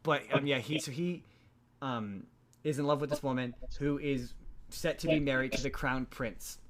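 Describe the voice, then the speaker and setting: A man's voice: medium pitch, normal speed, background noise. A man hosting a podcast, casually recapping a film in a rambling way, with frequent restarts and repeated words. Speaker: podcast host.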